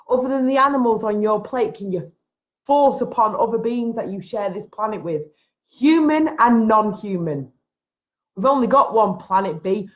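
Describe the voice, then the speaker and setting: A woman vlogger at home giving a frustrated, emphatic rant to camera, repeating her points. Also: medium pitch. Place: at home, having just got out of bed.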